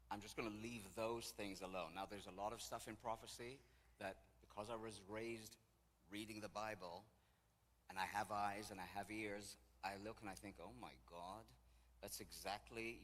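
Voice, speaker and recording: A man from Israel, a tour guide and guest speaker, telling stories in an animated, anecdotal way in a church. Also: fairly low pitch. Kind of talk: storytelling talk. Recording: echoey hall with faint ambience.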